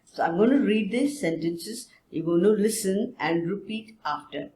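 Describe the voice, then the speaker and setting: A woman teaching a phonics lesson to young children, drawing words out slowly so they can repeat after her. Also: mid-range voice, warm tone. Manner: slow, drawn-out words for repeating. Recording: echoey room with faint noise.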